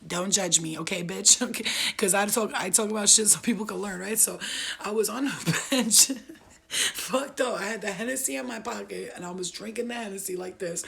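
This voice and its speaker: A woman's voice: medium pitch, gravelly, fairly bright tone, breathy edge. A young woman from upstate New York telling a wild true story in a profane, laughing, streetwise way. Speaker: vlogger. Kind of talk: casual storytelling.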